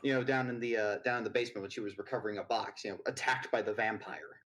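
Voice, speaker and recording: A man's voice: lowish voice, steady tone, fast talker, fairly bright tone, a little hiss or hum, low-quality recording. A man narrating as game master in a tabletop game, loose and rambling with lots of fillers.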